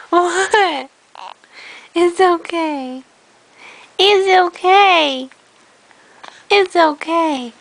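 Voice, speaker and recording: A woman's voice: very high-pitched, drawn-out words, long pauses, no room sound. A woman speaking baby talk to an infant at home, playful and sing-song, repeating short questions.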